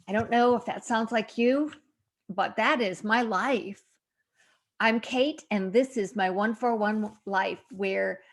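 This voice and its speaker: Slow-talking reflective woman. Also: mid-range voice. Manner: reflective, candid, laughs at herself. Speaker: faith vlogger. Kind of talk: casual devotional vlog. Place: home room under remodel.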